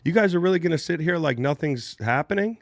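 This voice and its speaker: A man hosting a casual studio chat, animated and joking, swearing freely. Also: a little high, fast, creaky, dry recording. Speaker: podcast host.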